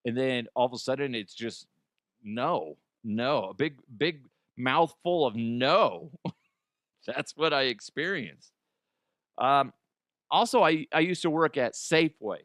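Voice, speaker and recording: A man's voice: medium pitch, lively intonation, slow, fairly bright tone, no echo, clean studio sound. A man hosting a comedy podcast, telling stories in a loose, profane way with stammered restarts. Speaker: podcast host. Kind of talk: comic storytelling.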